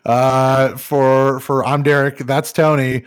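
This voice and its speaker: A man's voice: medium pitch, level tone, slow, smooth, no echo, clean studio sound. Guy in his 30s cohosting a chill podcast, cusses a lot, jokey, regular mid voice. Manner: profane, joking, laughs often. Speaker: podcast co-host. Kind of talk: casual podcast banter.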